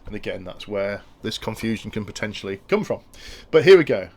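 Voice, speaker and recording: Low-voiced man with gravelly tone. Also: big pitch swings, fairly quick, a little mellow. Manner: thinking aloud with frequent restarts. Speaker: instructor explaining industrial control. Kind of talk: technical tutorial walkthrough.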